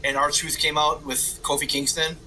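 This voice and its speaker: Animated, high-voiced male podcast co-host. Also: moderate pace, faint music behind, rough recording. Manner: animated storyteller, swears freely. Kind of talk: casual chat.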